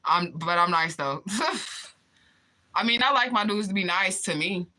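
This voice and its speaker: A woman's voice: mid-range voice, slow, bright, forceful tone. A woman talking casually on a livestream, reading viewers' comments aloud and answering them with candid, profane remarks and frequent laughter.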